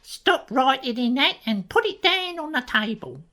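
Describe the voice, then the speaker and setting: A woman's voice: high-pitched, lively intonation, moderate pace, bright, forceful tone. A woman voicing a theatrical spy who is a master of disguise in a comedy audio play, declaiming dramatically. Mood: dramatic.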